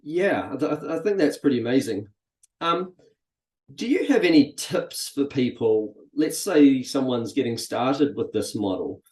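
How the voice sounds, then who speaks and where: A man's voice: mid-range voice, measured pace. Chatty male host in echoey room. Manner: relaxed, chatty, many fillers. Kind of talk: casual interview.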